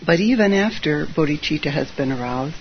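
A middle-aged Zen teacher giving an informal dharma talk, chatty and full of ums, with gentle self-deprecating humor. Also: mid-range voice, expressive, a little fast. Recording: slightly muffled with faint hiss.

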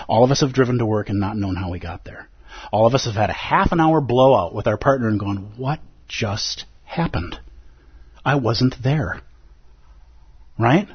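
A man teaching at a Zen center, giving an emphatic, animated dharma talk and acting out the inner voices of his listeners. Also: on the high side, husky, dry recording, muffled recording. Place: Zen center meditation hall.

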